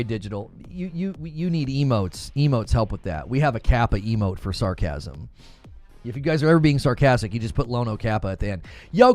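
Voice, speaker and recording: Animated man streaming gaming news. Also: a little high, dry recording. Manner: animated, talks straight to chat. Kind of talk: casual live stream chat.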